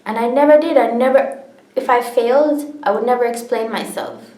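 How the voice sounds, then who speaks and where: A woman's voice: a little high, moderate pace, warm tone. Earnest young woman, tearful, echoey room. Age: young adult. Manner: candid, earnest, laughs often. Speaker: vlogger. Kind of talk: personal storytelling to camera. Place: indoors, sitting on the floor.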